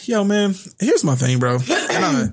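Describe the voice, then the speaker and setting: Fired-up male podcast host, young, slightly high voice, heavy swearing. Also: huge pitch swings, measured pace. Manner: heated and profane, swears heavily. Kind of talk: reading a news story, then ranting.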